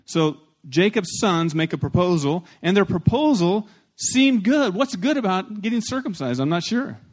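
A pastor preaching a sermon. He is animated and plain-spoken, with blunt humor, and he leads the congregation in repeating phrases. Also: high-pitched, normal speed. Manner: animated, swings between loud emphasis and soft asides.

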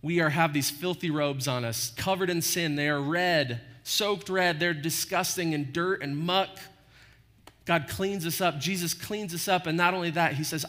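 Guy pastor giving a sermon, kinda high bright voice, chatty, keeps saying right?. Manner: conversational, frequent "right?" tag questions.

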